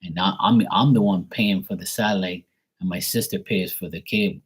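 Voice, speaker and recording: A man's voice: sits low, normal speed, husky. A middle-aged man venting in a casual monologue, exasperated, swearing and filling with "like". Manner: exasperated rant with frequent swearing and fillers. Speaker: tarot reader.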